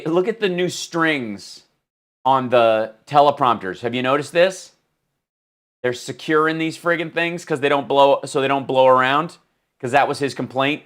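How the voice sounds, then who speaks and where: A man's voice: mid-range voice, fairly bright tone. Joking, profane male stream host. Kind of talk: casual live-stream political comedy talk.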